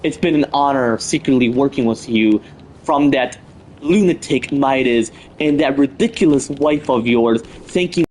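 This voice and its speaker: A man's voice: mid-range voice, a little slow, darkish tone, lightly acted, rough recording. A man playing a formal, scornful male ally who greets a partner politely. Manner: formal, contemptuous.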